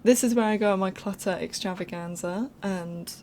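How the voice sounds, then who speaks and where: A woman's voice: mid-range voice, normal speed, warm tone, a little hiss or hum. A young woman giving casual, rambling voiceover commentary over a game build from home, chatty and apologetic, often laughing. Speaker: game speed-build creator.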